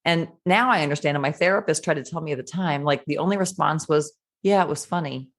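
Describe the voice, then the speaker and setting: A woman with a notably low-pitched voice speaks as a podcast guest. She tells her story frankly and with animation, often acting out what she once said and thought. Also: fast talker. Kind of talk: candid conversational storytelling.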